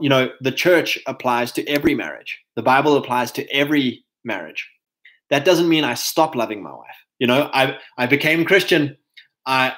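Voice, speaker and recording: A man with a South African accent, talking in a casual monologue, animated and mocking, breaking into put-on voices and laughs. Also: medium pitch, poor audio. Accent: South African English.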